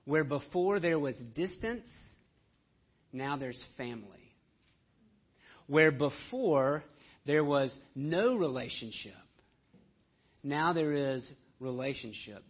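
A man preaching a sermon, swinging between hushed and loud delivery. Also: a little high, expressive, slow, long pauses, slightly rough. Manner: dramatic shifts between soft and loud delivery. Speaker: pastor. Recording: dull lo-fi sound.

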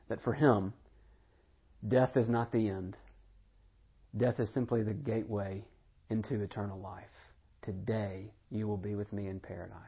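A man's voice: fairly low pitch, husky, muffled recording. A man preaching a sermon earnestly, repeating words and asking rhetorical questions. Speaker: pastor.

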